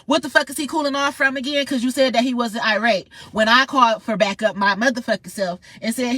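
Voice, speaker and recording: A woman's voice: fairly high pitch, a little fast, few pauses, pushed and bright, no room sound. Furious woman. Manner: heated, profane, confrontational ranting. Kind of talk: angry monologue vlog.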